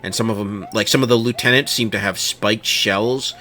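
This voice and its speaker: A man hosting a casual commentary show, giving opinionated, animated takes and mocking other people in quoted voices. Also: fairly low pitch, normal speed.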